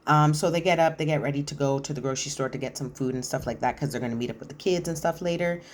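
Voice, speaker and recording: A woman with a slightly low voice talks through a reality episode in a loose, chatty recap. She tells it with lively, opinionated asides and casual slang. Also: quick pace. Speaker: reality TV commentator.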